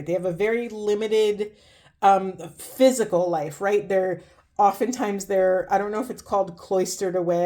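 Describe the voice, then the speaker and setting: A woman's voice: mid-range voice, darkish tone. A woman doing a spiritual tarot card reading, talking casually and heartfelt, with many fillers. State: emotional, near tears. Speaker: tarot reader.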